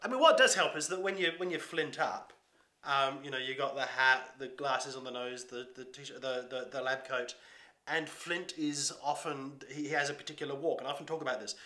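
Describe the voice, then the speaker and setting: A man's voice: mid-range voice, a little fast, bright, forceful tone. Brief: male performer, chatty, self-deprecating, echoey room. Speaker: performer playing a museum character. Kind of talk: conversational interview.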